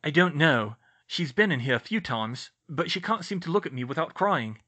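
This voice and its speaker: A man's voice: on the high side, animated, normal speed, pushed and bright, pitched above the performer's own voice. A man doing a weary, good-natured young man. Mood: weary, friendly. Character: weary, injured but friendly young man.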